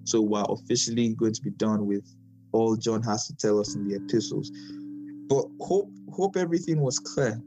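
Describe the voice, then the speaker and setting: A man's voice: fairly low pitch, moderate pace, over music, low-quality recording. A man teaching a Bible study in an emphatic way, often repeating phrases for stress.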